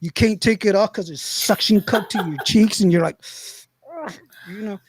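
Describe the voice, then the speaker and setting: A man with a drawl hosts a podcast, telling a long, rambling story and acting out quotes along the way. His voice sits a little high for a man. The recording is close and dry, with no room sound. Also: normal speed, breathy edge, no room sound. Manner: rambling, animated, laughs often, acts out quotes. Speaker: podcast host. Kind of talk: casual storytelling chat.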